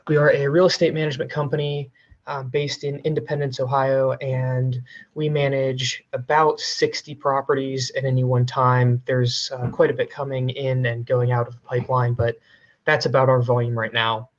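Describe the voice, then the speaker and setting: A man walks through a technical demo from home over a video call, easygoing and full of fillers. His voice stays fairly flat in pitch. The call audio is dull and lo-fi. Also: moderate pace. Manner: relaxed, many fillers. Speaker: financial analyst presenting a coding demo. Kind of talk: casual technical walkthrough.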